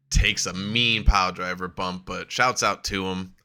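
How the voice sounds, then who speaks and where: With a low, pushed and bright voice, this man co-hosts a wrestling podcast, keeping the talk casual, cursing freely and laughing a lot as he performs quotes.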